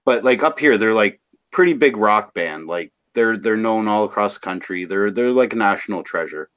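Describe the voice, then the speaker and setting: Brief: Canadian guy, low-ish voice, loose rambling chatter with lots of cursing. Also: lively intonation, normal speed, fairly bright tone. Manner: rambling, swears freely. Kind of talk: casual chat.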